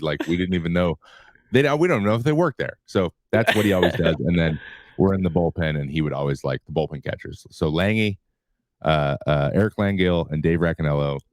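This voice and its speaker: A man in his thirties with a very low, deep voice, recorded close and dry with no room sound. He rambles through stories in a relaxed way, restarting sentences and chuckling as he goes. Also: no echo. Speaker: retired pitcher, guest. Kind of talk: casual storytelling interview.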